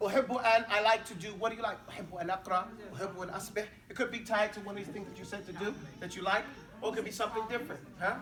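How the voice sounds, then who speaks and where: A man's voice: sits high, fairly even intonation, rapid-fire, far from the mic, crowd noise. A man teaching an Arabic class in a casual, chatty way. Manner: casual, mixes English and Arabic drills.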